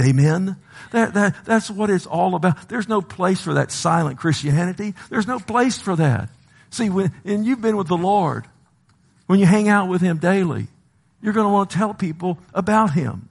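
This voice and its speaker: A man preaching a sermon with passion, swinging from loud exhortation to low, slow emphasis and calling out to the congregation. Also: expressive, creaky, slightly rough.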